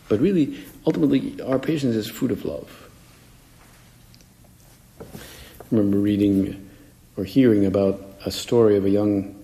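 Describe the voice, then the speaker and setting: The man, a priest, has a low-ish, dark voice. His homily is conversational, with quoted voices acted out, and the recording carries the long reverb of an echoey hall.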